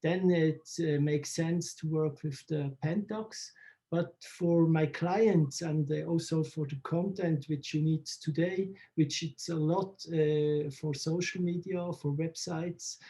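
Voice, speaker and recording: A man, answering interview questions in halting English and searching for words. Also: fairly high pitch, steady tone, dark tone. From Switzerland. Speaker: photographer interviewee.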